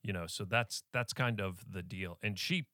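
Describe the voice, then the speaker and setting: A man's voice: fairly low pitch, moderate pace, bright, forceful tone, dry recording, studio quality. A man co-hosting a podcast, chatting loosely about a film with friends, laughing easily. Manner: laid-back, laughing, loose. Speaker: podcast co-host. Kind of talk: casual film discussion.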